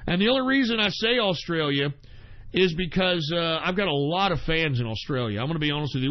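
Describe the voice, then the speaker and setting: A man hosting a casual talk radio show and answering listener questions in a profane, ranting way, with sudden shouted bursts. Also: on the high side, animated, brisk, highs cut off.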